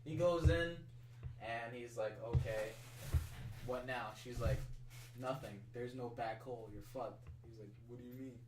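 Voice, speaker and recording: A man's voice: mid-range voice, measured pace, reverberant, distant mic, low-quality recording. A man casually retelling a story at length, rambling with many "like"s and swears. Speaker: co-host.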